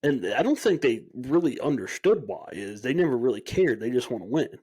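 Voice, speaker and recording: A man's voice: medium pitch, very animated, fairly quick, darkish tone, husky. A young man co-hosting a casual podcast, telling stories with energy, acting out quoted dialogue and swearing freely. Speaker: podcast co-host. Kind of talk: casual chat.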